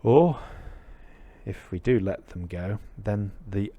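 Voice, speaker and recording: A man giving a reflective dharma talk, telling a parable with many pauses and fillers. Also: lowish voice, dry recording, lo-fi sound. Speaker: Buddhist teacher.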